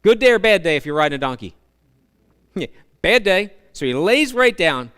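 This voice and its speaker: A male pastor preaching a sermon, telling the story in an animated way with humorous asides to the congregation. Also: sits high, moderate pace, smooth.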